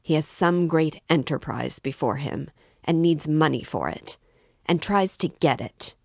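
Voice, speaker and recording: A woman's voice: sits low, a little slow, vocal fry, darkish tone, no echo, clean studio sound, full character voice. A woman reading aloud, voicing a restless, sarcastic male magistrate who probes with fussy politeness. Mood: probing.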